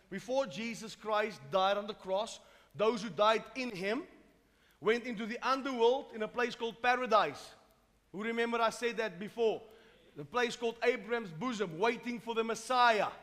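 A man from South Africa preaching a fervent sermon as pastor, rising from calm explanation to shouting. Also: very high voice. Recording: long hall reverb.

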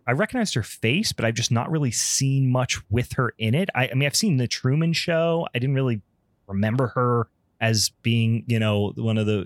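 A man's voice: medium pitch, no room sound. A man hosting a podcast in casual chat, rambling and profane with frequent ums. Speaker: podcast host.

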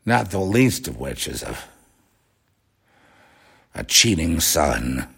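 A man's voice: rumbling low, very animated, slow pace, vocal fry, a bit bright, slightly rough. A man hosting a rambling, sarcastic religious commentary talk.

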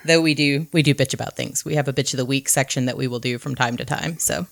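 A woman co-hosting a podcast in casual chat, talking in quick self-correcting bursts with asides. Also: very deep voice, creaky, no echo, clean studio sound. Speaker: podcast co-host.

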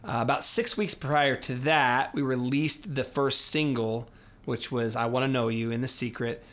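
A man's voice: mid-range voice, moderate pace, a bit bright. A man co-hosting a casual faith podcast, talking reflectively and sharing stories. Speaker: co-host.

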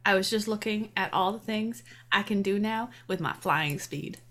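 A woman's voice: mid-range voice, moderate pace, a bit bright. A woman player chatting casually at a tabletop game stream in a dry, offhand way. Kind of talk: casual chat.

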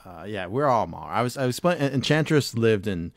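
A low-voiced man co-hosting a podcast, rambling through stories with plenty of swearing and easy laughter. His voice is close and dry, with no room sound around it. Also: lively intonation, brisk, dry recording. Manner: rambling, profane, laughs often. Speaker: podcast co-host. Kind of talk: casual chat.

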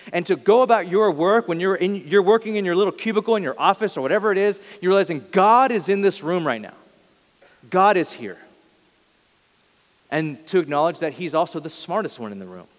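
A man's voice: high voice, big-room sound. A male pastor giving a sermon, talking in an earnest, conversational way and often correcting himself mid-sentence.

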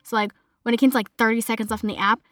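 A woman's voice: on the high side, fairly even intonation, racing, fairly bright tone, no room sound. A young adult woman with a Boston accent, chatting casually as a podcast host and filling her talk with "like". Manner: chatty, heavy use of "like" fillers. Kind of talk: casual chat monologue.

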